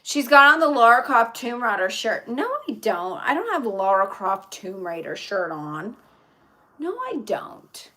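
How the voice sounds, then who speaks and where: A woman's voice: mid-range voice, lively intonation, normal speed, few pauses, pushed and bright. A woman live streaming in casual chat, reading viewer comments aloud and answering them in a chatty way.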